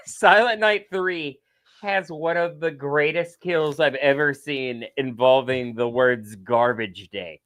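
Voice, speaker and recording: A man's voice: medium pitch, takes it slowly, fairly bright tone. A man guesting on a podcast, talking with enthusiasm and laughs in casual chat. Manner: enthusiastic, laughing, gushing fan talk.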